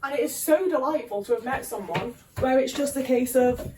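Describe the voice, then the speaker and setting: A woman's voice: sits high, normal speed, hardly any pauses. A young woman talking casually to her viewers while she packs, rambling, swearing and anxious, often trailing off and restarting. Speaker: vlogger. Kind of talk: casual body-doubling chat while packing. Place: home room, packing boxes. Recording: distant mic with faint noise.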